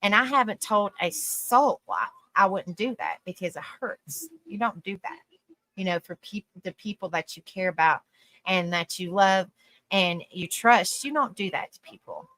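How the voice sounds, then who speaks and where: A woman talks to her live-stream audience in a loose, heartfelt ramble, leaning on "you know" between thoughts. Her voice is bright and forward. The sound is dry and close, with no room around it. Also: medium pitch, animated, normal speed, no echo. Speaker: live-stream panel host. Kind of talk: casual live-stream talk.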